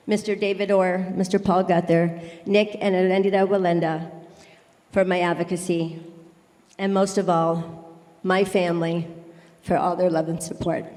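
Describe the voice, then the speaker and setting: A woman's voice: medium pitch, a little mellow. Woman thanking everybody on stage, emotional and gushing, big tent reverb. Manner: effusive, grateful, lists many names. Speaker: award inductee giving acceptance speech. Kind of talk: emotional acceptance speech. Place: large circus tent.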